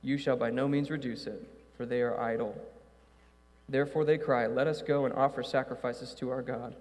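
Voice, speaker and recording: A man's voice: medium pitch, fairly even intonation, normal speed, darkish tone. Man preaching in an echoey church. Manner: reads scripture then preaches loosely with fillers. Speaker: pastor. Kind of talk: sermon. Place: church sanctuary. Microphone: stage microphone with echo. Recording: hall reverb in church.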